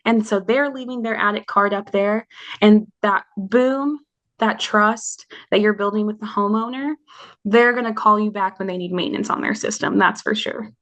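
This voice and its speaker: A woman's voice: medium pitch, steady tone, normal speed, a bit bright. Confident woman explaining a warranty. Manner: explains a product confidently, sales-style. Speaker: market development manager, guest. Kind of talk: interview answers.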